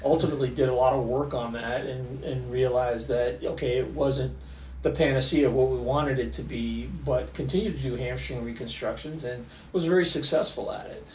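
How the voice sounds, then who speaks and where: A middle-aged man, an orthopaedic surgeon, tells stories in a relaxed way, with many fillers and restarts. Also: mid-range voice, brisk, roomy sound, far from the mic, a little hiss or hum, poor audio. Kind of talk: conversational storytelling interview.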